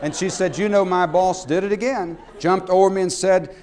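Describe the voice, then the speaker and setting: Animated man telling stories to an audience. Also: high-pitched, brisk, hardly any pauses. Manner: storytelling, swings from hushed to loud and animated. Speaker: speaker. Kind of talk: talk to a live audience.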